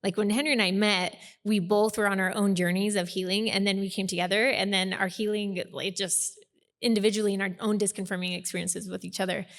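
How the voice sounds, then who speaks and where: A woman's voice: mid-range voice, little pitch movement, a little fast, a bit bright, long reverb tail. A woman co-hosting a podcast, speaking in a heartfelt, reflective way. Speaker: podcast co-host. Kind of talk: casual podcast conversation.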